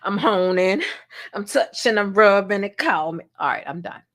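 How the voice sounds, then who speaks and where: A woman's voice: mid-range voice, lively intonation, moderate pace, a bit bright. Sassy, goofy woman streaming live. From Baltimore. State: sleepy, up at dawn. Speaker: live-stream commentary host. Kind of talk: casual live-stream commentary.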